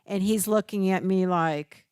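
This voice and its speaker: A woman's voice: medium pitch, measured pace, a little mellow, smooth, dry recording, studio quality. An older woman presenting a caregiving workshop, teaching through stories and acting out the people she quotes. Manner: storytelling, acts out quoted voices.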